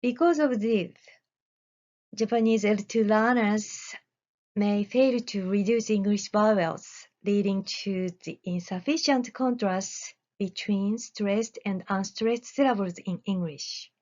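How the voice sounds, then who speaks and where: Slow, measured woman presenting research. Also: medium pitch, a little mellow, muffled recording. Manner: measured, deliberate reading with careful pauses. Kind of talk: recorded academic presentation.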